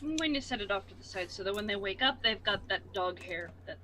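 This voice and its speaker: A woman's voice: medium pitch, lively intonation, fast talker, sharp tone, a little hiss or hum. A woman playing a tabletop game, playfully describing what her character does. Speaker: player. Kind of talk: tabletop role-play chat.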